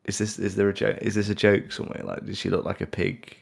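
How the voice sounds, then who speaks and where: A man co-hosting an anime podcast, telling stories and acting out his own reactions. His voice is very deep and gravelly with a lot of fry. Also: quick pace. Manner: animated storytelling, acts out his own reactions in quotes. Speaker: podcast co-host. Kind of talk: casual chat.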